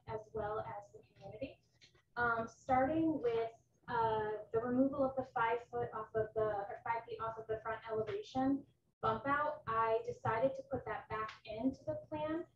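A woman presents her revised plans to a commission in an earnest, detailed way, often pausing on "um". Her voice sits a little high. It comes from far off in an echoey room on a dull recording. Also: slight background noise. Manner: earnest, detailed, many ums. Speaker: applicant.

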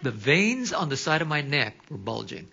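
A man preaching a sermon, telling stories with animation and dropping to hushed asides. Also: mid-range voice, moderate pace, creaky, breathy edge, dull audio. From Hawaii. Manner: animated storytelling, drops to hushed quoted asides. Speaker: pastor.

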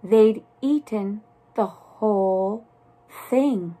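A woman reads a children's story aloud at a very slow, careful pace. Her narration is soft and deliberate with a plain mid-range voice. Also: mid-range voice. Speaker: storybook reader.

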